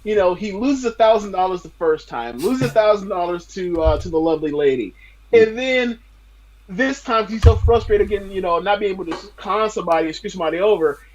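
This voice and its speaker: High-voiced man, blunt and mocking. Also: expressive, fairly quick, a little mellow, rough recording. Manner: blunt and mocking, with frequent fillers. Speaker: podcast guest. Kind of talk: casual wrestling review chat.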